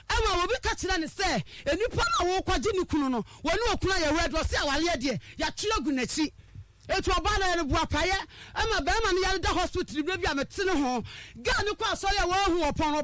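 A woman recounting her own story in a very high, sharp, ringing voice. She tells it with animation, acting out the people she quotes and sometimes raising her voice. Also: expressive, fast. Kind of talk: personal storytelling.

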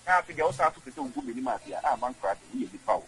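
A man's voice: medium pitch, expressive, rapid-fire, fairly bright tone, slight background noise, rough recording. A man with a Ghanaian accent, a guest in an interview, who rambles and repeats words. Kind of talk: conversational interview.

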